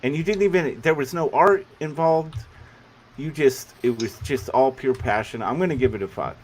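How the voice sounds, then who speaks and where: A man hosting a casual online panel show, excitable, laughing often and swearing casually as he scores pitches. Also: normal speed. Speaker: podcast host running a pitch panel.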